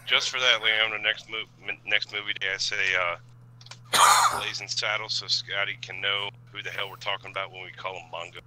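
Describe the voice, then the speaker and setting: A man's voice: on the low side, level tone, fairly quick, noisy background. A man, drawling and joking crudely in a group chat. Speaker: stream guest.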